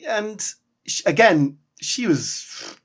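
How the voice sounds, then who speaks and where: A man's voice: sits high, very animated, slow. A man co-hosting a podcast, chatting wryly about old sitcoms and laughing often. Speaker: podcast co-host. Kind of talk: casual chat about sitcom history.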